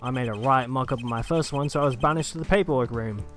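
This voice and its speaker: A man's voice: medium pitch, fast talker, fairly bright tone, soft background music, lightly acted. A man voicing a brash, sarcastic male police detective with a put-on Australian accent, rambling as he talks.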